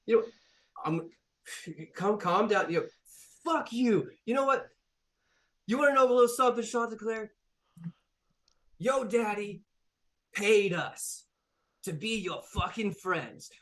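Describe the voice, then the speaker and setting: A man doing a loud, furious beefy bruiser. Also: a little high, natural voice. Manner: yelling, swearing threats.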